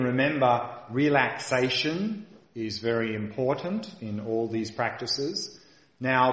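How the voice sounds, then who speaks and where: A man teaching a meditation practice, guiding patiently and calmly and repeating key points for emphasis. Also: mid-range voice, echoey room. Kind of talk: guided meditation instruction.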